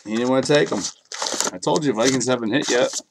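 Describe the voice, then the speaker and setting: A man's voice: medium pitch, quick pace, noisy background. A man with kids, a bit sick, hosting a live card break in a casual, joking way and talking to viewers by name. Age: adult, has kids. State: a bit sick, clearing throat.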